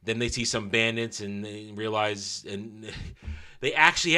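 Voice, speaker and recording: Sarcastic, bright-voiced male reviewer. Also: lowish voice, unhurried, clean tone. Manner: sarcastic and scornful, with mocking asides. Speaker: show reviewer. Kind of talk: casual opinionated review.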